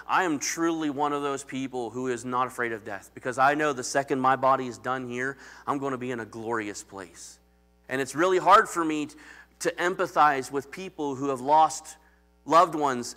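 A man's voice: medium pitch, bright, forceful tone. A man preaching as pastor in a conversational, emphatic sermon that calls out to the congregation.

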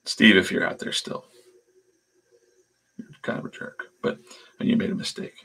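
A man's voice: moderate pace, sharp tone. A man hosting a casual livestream, telling rambling anecdotes with laughs and swearing. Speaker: comic artist and channel host.

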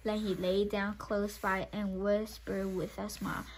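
A woman reading a picture book aloud at bedtime, gentle and clearly paced. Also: mid-range voice, level tone, measured pace, a little hiss or hum. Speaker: reader.

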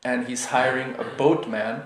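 A man's voice: medium pitch, unhurried. Casual male lecturer with a mid-range voice who acts out his stories, echoey room. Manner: storytelling, animated voices for characters. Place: lecture room at a yoga center.

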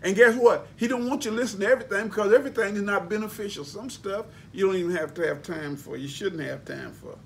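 A man's voice: high voice, fast, creaky, hardly any pauses, slight background noise. A man preaching a sermon, emphatic and folksy, spelling out words for emphasis. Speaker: pastor.

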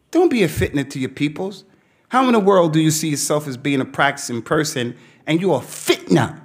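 A middle-aged male preacher, telling stories to youth in a lively, streetwise way, mixing slang with Arabic phrases. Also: a little high. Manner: animated storytelling, quoting himself. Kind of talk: talk to a youth audience.

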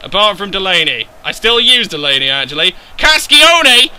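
High, bright, excitable gamer man. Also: brisk, clear, resonant tone, rough recording. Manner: excitable and sweary, yelling at his players; swings between loud outbursts and low muttering. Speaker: gaming YouTuber. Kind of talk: live gameplay commentary.

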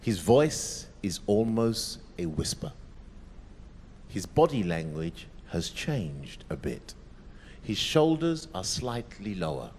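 A male pastor telling a story in a sermon, dramatic and vivid, dropping to a hush at moments. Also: fairly low pitch, sing-song, slow pace, a little hiss or hum. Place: large church. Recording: echoey church hall.

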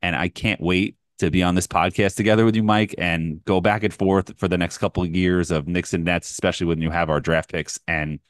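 Excited ranting man, low voice. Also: no room sound, studio quality. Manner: excited, ranting, fast bursts. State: tired, short on sleep. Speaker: podcast co-host, Knicks fan. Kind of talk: casual sports chat.

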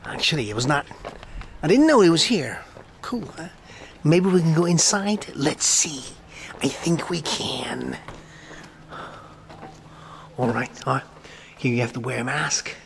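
A man's voice: fairly high pitch, a little slow, creaky, long pauses, slight background noise. A man from Switzerland filming a casual walking vlog by a lake and in an old church, musing aloud and sometimes dropping to a whisper. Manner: relaxed, musing, drops to a whisper now and then. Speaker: travel vlogger.

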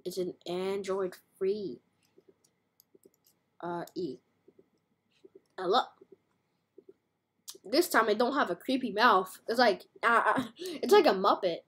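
Husky-voiced woman gaming, slow and playful. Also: medium pitch, expressive, fairly bright tone. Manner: playful, chatty, slangy. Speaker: game streamer. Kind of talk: casual gameplay commentary.

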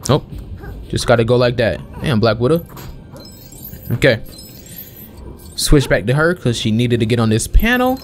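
A man's voice: medium pitch, animated, normal speed, pauses often, faint music behind. Chatty young man commenting on gameplay. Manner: chatty, questions the game aloud, calls everyone bro. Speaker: gaming channel host. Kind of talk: casual let's-play commentary.

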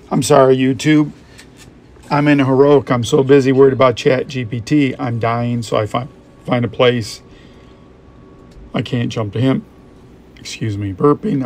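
Gravelly man musing over gameplay. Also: medium pitch, a little mellow, a little hiss or hum. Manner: rambling, reflective, thinks aloud. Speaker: gaming YouTuber.

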